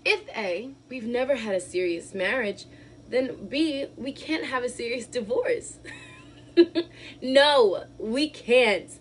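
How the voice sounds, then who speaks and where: A young actress playing an unraveling wife who laughs nervously through her divorce, her lines swinging from loud outbursts to hushed murmurs. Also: fairly high pitch, lively intonation, takes it slowly, a little hiss or hum, rough recording. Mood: manic, teasing. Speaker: actress performing a monologue. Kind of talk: dramatic monologue.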